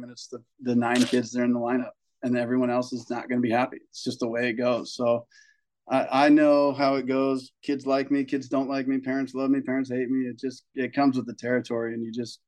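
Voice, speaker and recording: A young man talks about coaching high school baseball in a casual, podcast-like way, a little fast and at an ordinary middle pitch. He's an animated storyteller who swears a bit and jumps into higher voices to act out the parents and colleagues he quotes.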